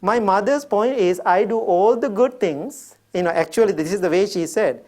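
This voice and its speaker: A middle-aged man with a Sri Lankan accent, a Buddhist monk telling a personal story in a gentle dharma talk, chuckling often. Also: high-pitched, moderate pace.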